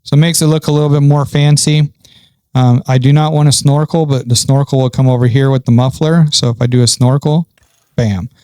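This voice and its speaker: A man's voice: medium pitch, steady tone, fairly quick, mellow, clear, resonant tone, no echo. A man talking casually through a farming game setup, thinking aloud with frequent ums. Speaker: gaming channel host. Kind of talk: casual gameplay commentary.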